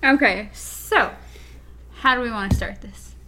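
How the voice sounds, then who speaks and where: A woman's voice: on the high side, measured pace, background noise. A woman co-hosting a podcast in casual review chat, easygoing and often giggling. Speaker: podcast co-host.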